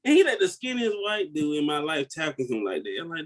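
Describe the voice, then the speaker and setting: A man's voice: a little high, huge pitch swings, fairly quick, poor audio. A man on a comedy podcast, joking and trash-talking playfully in casual banter.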